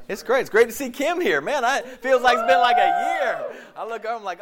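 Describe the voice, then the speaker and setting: A male pastor giving a casual sermon, his voice hoarse and deeper than usual from a lost voice, rambling with many fillers and restarts before a congregation. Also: expressive, a little fast, few pauses, a crowd in the background. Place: church service before a congregation.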